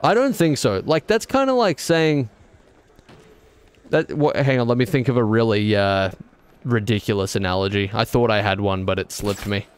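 A man's voice: lowish voice, lively intonation, moderate pace, clean tone. A man streaming a video game, rambling and correcting himself, with exasperated outbursts. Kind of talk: casual gameplay commentary.

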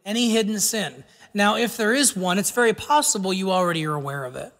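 A man preaching a sermon as pastor, earnest and slowing down to stress key words. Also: high-pitched, big pitch swings, fairly bright tone. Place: church sanctuary. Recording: long reverb of a church hall.

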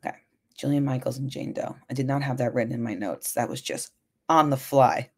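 A woman's voice: extremely low pitch, fast talker, warm tone, breathy edge. A woman lifestyle coach hosting a solo podcast, talking frankly and casually, often checking in with "right?". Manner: chatty, frank, frequent "right?" and swearing.

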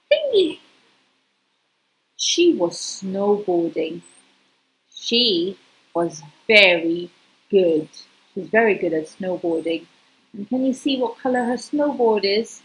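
A woman's voice: medium pitch, poor audio. A woman reading a picture book aloud to a young child, speaking to the child directly and asking them questions. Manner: lively, sing-song, talks directly to a young child. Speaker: storyteller.

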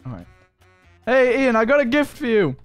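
Lively high-voiced young man gaming host. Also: normal speed, soft background music. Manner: playful, teasing, exclamatory. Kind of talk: excited gameplay commentary.

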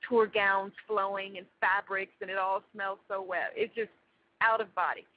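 A woman's voice: mid-range voice, fairly even intonation, normal speed, a little hiss or hum. A woman guest in an interview, telling a vivid story with many fillers. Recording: dull lo-fi audio.

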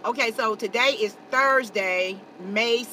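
Bright-voiced chatty woman vlogging in a car. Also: fairly high pitch, slow pace, slight background noise. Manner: chatty, tags lines with "okay" and "y'all". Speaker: family channel host. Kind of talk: casual vlog to camera. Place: inside a car.

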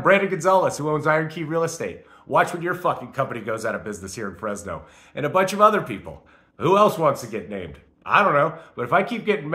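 A man from the United States films himself on his phone, delivering a profane, rambling spiritual rant. His voice is bright and sharp, sitting somewhat high for a man, and he swings from defiance to affection without settling down. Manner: defiant, rambling, heavy swearing. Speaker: vlogger.

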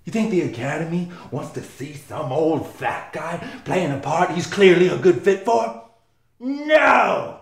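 A man's voice: a little high, animated, moderate pace, a little mellow. A man playing a melodramatic young actor in a comedy sketch who swings from muttering to manic screaming. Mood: scheming. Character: melodramatic young male actor, fame-hungry, shouting. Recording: echoey room.

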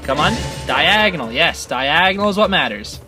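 A gaming channel host giving excitable, rambling let's-play commentary with frequent laughs. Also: mid-range voice, moderate pace, soft background music.

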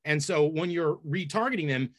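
A man's voice: a little high, expressive, dry recording, studio quality. A man moderating a webinar, friendly and a little stammering, fielding questions from the audience. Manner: friendly, stammering, quick to agree. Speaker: webinar host.

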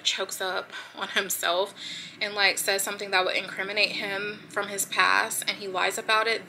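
A woman's voice: medium pitch, vocal fry, pushed and bright, a little hiss or hum, low-quality recording. A woman vlogger telling a personal story to her viewers in casual chat, with lots of fillers. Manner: chatty, addresses viewers as y'all, many fillers. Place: at home getting ready.

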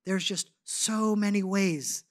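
A man giving a sermon as a guest speaker, telling stories in an animated, conversational way with lots of casual fillers. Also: sits high, takes it slowly, dry recording. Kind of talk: storytelling sermon.

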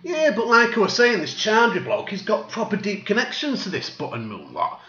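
A man rants through a satirical comedy monologue, sarcastic and full of swearing. His voice sits high and bright and swings widely in pitch. The recording sounds dull and lo-fi. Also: huge pitch swings, moderate pace, roomy sound.

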